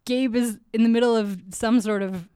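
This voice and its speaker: A woman's voice: fairly high pitch, steady tone, moderate pace, warm tone, clean tone, no room sound, clean studio sound. Giggly woman recapping a TV episode. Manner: giggly, laughs often between lines. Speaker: podcast co-host. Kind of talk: casual chat recapping a TV episode.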